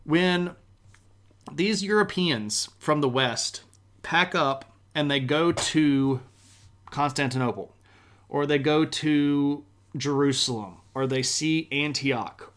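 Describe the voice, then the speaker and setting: A man's voice: medium pitch, slow pace. A man streaming a live history lecture, talking in a casual, enthusiastic way with plenty of slang.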